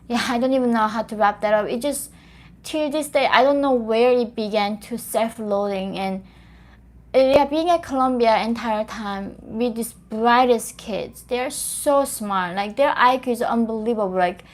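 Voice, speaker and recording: Young woman, native Korean speaker, earnest, higher voice, restarts phrases. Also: moderate pace. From North Korea. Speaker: host. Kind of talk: speaking to an audience.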